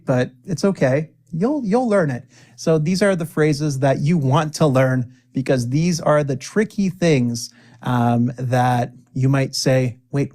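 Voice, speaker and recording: In a darkish voice of ordinary pitch, a cheerful man teaches spoken English. He urges his students on, saying each sample phrase slowly and distinctly so they can repeat it.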